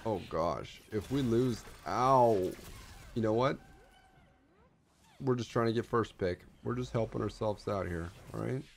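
A young man streaming a strategy game, chatting casually in slang and getting hyped, with squealing jumps when excited. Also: on the low side, a little slow, creaky. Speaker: gaming streamer. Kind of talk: casual gameplay commentary.

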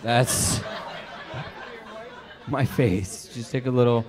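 A young Colombian man performing a stand-up comedy set on a club stage, jumping into quick put-on voices. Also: mid-range voice, a crowd in the background, noisy background. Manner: quick asides and put-on voices for quoted people.

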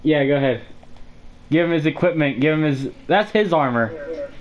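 A young man in casual gaming chat, bossily directing a friend and repeating his commands fast. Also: a little high. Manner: bossy, repeats commands rapidly.

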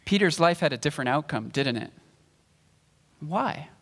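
A pastor preaching a sermon, explaining scripture and reading verses aloud in a measured way. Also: male voice, fairly high pitch, lively intonation, fairly bright tone, long reverb tail. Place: church sanctuary.

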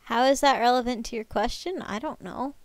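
Woman streamer, fairly high voice, animated and chatty, dry close mic. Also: fairly quick, dry recording. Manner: animated, chatty storytelling with laughs. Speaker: streamer host. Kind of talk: casual chat on a live stream.

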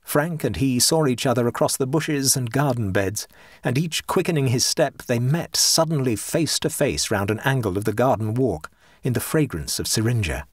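A husky-voiced man narrates a ghost story as an audiobook. His reading is measured, and his pitch moves freely through each sentence. The recording is dry and close, with no room sound. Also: dry recording. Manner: measured, expressive reading that drops low for speech tags.

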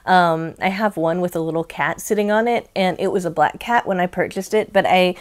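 Chatty woman with a lowish voice. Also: brisk. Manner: chatty and rambling, frequent ums, laughs easily. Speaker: crochet channel host. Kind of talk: casual unboxing vlog.

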